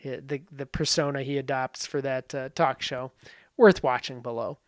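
A man's voice: medium pitch, fairly even intonation, moderate pace, dry recording. Dry-voiced man musing over film links. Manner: rambling, with frequent fillers and asides. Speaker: film commentary host. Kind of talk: casual spoken film analysis.

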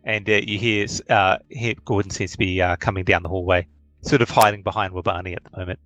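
A man narrating as game master for a tabletop game, pausing often with ums and uhs. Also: low-pitched, steady tone, a bit bright, no echo, soft background music, low-quality recording. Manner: hesitant, many ums and uhs.

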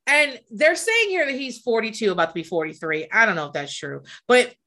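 A bright, lively woman from the American South chats as a podcast co-host. Her pitch swings widely as she tells gossip, swears freely and acts out quotes in little voices. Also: a little fast. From American South, near Kentucky. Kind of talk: casual gossip chat.

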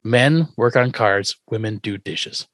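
A man casually recapping an old sitcom episode with co-hosts, acting out characters' lines in quick put-on voices and laughing often. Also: fairly low pitch, a bit bright, no echo, studio quality. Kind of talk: casual chat.

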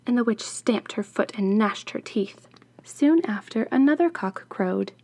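A woman's voice: fairly high pitch, unhurried, darkish tone. A woman hosting a podcast, reading a fairy tale and adding wry, sarcastic asides. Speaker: podcast host.

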